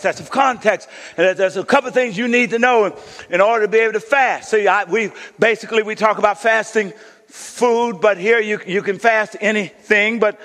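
A male pastor preaching a sermon, telling a story, then swinging from shouts to hushed intensity. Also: high voice, in a large hall.

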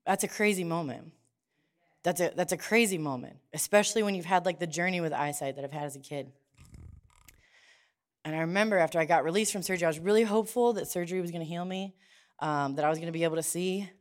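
A woman preaching, her voice sitting a little low for a woman. She tells a personal story in a chatty, conversational way, often restarting her sentences. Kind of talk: sermon.

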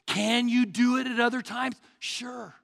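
A man in his sixties preaching a sermon as pastor, swinging from hushed murmurs to shouts. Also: very high voice, fairly even intonation, measured pace, creaky. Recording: long hall reverb.

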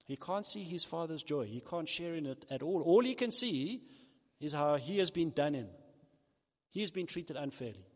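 A man with a high voice delivers a sermon. He tells a parable with animated storytelling and slips into the characters' voices. His words echo with the long reverb of a large hall. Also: normal speed. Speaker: preacher.

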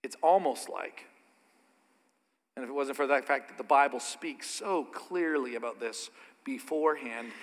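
A man preaching a sermon as pastor, swinging from soft asides to loud, emphatic peaks. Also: mid-range voice. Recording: long hall reverb.

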